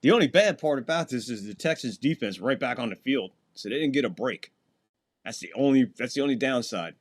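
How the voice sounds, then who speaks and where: A man calls a football game play by play on a casual live stream, at a middle pitch that is neither high nor low. He chats easily with his viewers between snaps, and his voice leaps up when a play breaks open. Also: expressive, fairly quick. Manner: casual, chatty, talks to chat between plays, voice jumps up on big plays. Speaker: host and play-by-play caller. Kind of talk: live fan play-by-play commentary.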